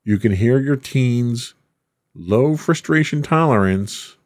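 A man's voice: mid-range voice, animated, takes it slowly, darkish tone, no echo, studio quality. A man hosting a podcast, reading a script aloud between teasing, casual banter with his co-host.

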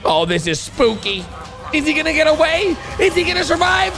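A young man hosting a reaction video, excitable and loud, often laughing and shouting as he comments. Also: very high-pitched, a little fast. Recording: music playing underneath.

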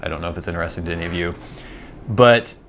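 A man's voice: low voice, racing, vocal fry, slight background noise. A man with a General American accent, rambling in a casual monologue and musing aloud as he explains things. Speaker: vlogger.

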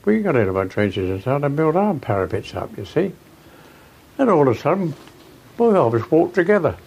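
A man's voice: fairly high pitch, sing-song, brisk, creaky, a little mellow, slightly rough, rough recording. An older veteran man in an archive interview, telling a chatty anecdote. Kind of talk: archive oral-history interview.

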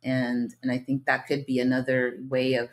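Very low-voiced woman guest psychiatrist. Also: completely flat delivery, normal speed. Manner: thoughtful, many fillers, soft backchannels. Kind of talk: casual conversational interview.

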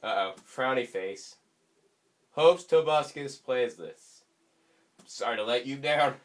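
A young man talks through a video game in loose, unhurried commentary, his pitch leaping up and down as he reacts. He mocks himself and bursts into high yelps, and his voice sounds a little stuffy from allergies. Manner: rambling, self-mocking, sudden excited yelps. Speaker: gaming YouTuber. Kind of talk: let's play commentary.

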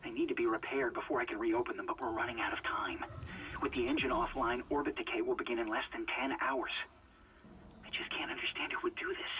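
An actor playing a gruff male ship engineer recording a log, heard as a distant, faintly noisy game audio log. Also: medium pitch, steady tone, fast talker, bright, forceful tone, lightly acted. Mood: grim.

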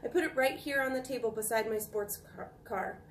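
A woman's voice: fairly high pitch, brisk, slight background noise, close to an everyday voice. A woman voicing an eager young boy in a read-aloud storybook, exclaiming his lines, recorded from a distance in an echoey room. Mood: upset.

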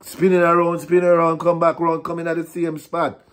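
Sex: man. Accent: Jamaican. Role: vlogger. Style: frustrated, repetitive rant in patois and English. Pitch: fairly high for a man. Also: monotone, a little fast. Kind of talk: ranting vlog.

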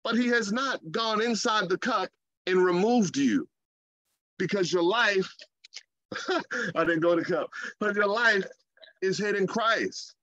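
A man, chatty and animated, slipping into quoted voices to make his point. His voice sits fairly high for a man. The sound is dry and a little dull. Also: slow pace, long pauses, no echo. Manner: animated, conversational preaching with playful asides and acted quotes. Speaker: preacher. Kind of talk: sermon.

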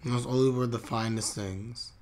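A man's voice: mid-range voice, steady tone, normal speed, darkish tone. A man reacting live to an anime episode on his stream, chatty and openly emotional.

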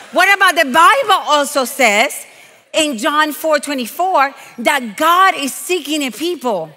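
High, bright-voiced woman preacher. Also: big-room sound. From Puerto Rico. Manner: animated, playful, emphatic preaching with quoted asides. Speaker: guest preacher. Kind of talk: lively storytelling sermon.

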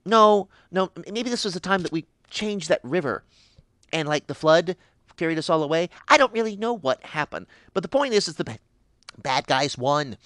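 Ancient unhinged pixie, voiced by a man: lively pitch that leaps into squeals, bright edge, dry close sound. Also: moderate pace, dry recording. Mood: giddy rambling. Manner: rambling, giddy, sudden high squeals. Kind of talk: character monologue for fan animation.

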